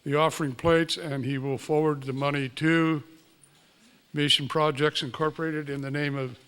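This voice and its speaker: A man's voice: a little high, little pitch movement, moderate pace, a bit bright. A man leading a church service, plainly announcing an offering. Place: church sanctuary. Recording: very echoey, distant from mic, noisy.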